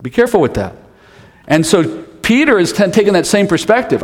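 A male pastor delivers a sermon in an easy, conversational way, slipping in humor and asides. His voice sits a bit high for a man. The sound rings out with the long reverb of a large church hall. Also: big pitch swings, fairly quick.

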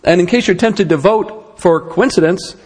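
A man's voice: high-pitched, moderate pace, darkish tone, slightly rough, long reverb tail. A man giving a conversational Bible lesson, with rhetorical questions and wry asides. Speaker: Bible teacher.

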